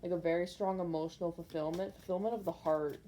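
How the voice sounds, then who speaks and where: A woman gives a casual tarot reading straight to her viewers. Her voice is mellow and sits slightly low. She rambles through intuitive impressions, leaning on filler words as she goes. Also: fairly even intonation, quick pace, a little hiss or hum. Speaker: tarot card reader. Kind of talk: casual pick-a-card tarot reading to camera.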